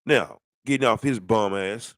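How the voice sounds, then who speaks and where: A middle-aged sports commentator rants bluntly about football in a rambling, casual way, throwing out plenty of rhetorical questions. His voice is fairly low, a little slow and a bit bright, with no echo.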